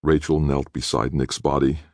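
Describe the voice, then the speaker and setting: A man narrating a thriller audiobook in a measured, dramatic way. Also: very deep voice, little pitch movement, darkish tone, no room sound, clean studio sound.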